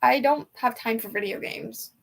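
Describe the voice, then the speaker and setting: A woman's voice: fairly high pitch, normal speed, vocal fry, fairly bright tone. A young woman hosting a casual livestream from home, chatting to her viewers in a rambling, emotional way. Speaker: livestream host. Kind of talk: casual chat with live chat.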